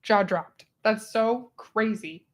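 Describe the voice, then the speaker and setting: A woman hosting a casual book club livestream, chatty and expressive, who laughs often, talking into a small clip-on mic. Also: mid-range voice, slow. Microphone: small clip-on microphone.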